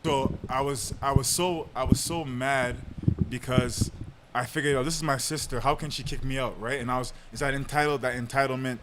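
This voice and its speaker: A man's voice: medium pitch, steady tone, moderate pace, very noisy. A young man telling a long personal story on a podcast in a casual way, with lots of fillers and laughter. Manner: laid-back, laughs often, lots of fillers. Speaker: podcast host.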